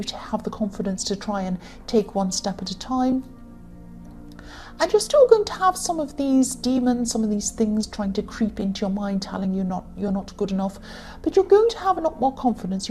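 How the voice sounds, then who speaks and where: A woman giving a tarot reading to her viewers, talking in a halting way with many fillers and self-corrections. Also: mid-range voice, expressive, mellow, faint music behind. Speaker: tarot reader.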